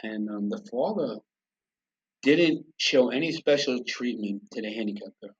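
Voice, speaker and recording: A middle-aged man tells his own story to an interviewer, blunt and salted with swearing. His voice sits at an ordinary pitch and carries plain emotion. The recording sounds slightly dull and lo-fi. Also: lively intonation, measured pace, husky. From United States. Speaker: podcast guest.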